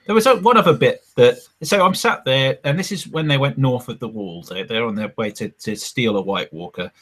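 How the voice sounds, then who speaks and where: A man's voice: medium pitch, lively intonation, a little fast, fairly bright tone. A man co-hosting a podcast in casual chat, telling stories in a rambling, hesitant way. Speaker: podcast co-host.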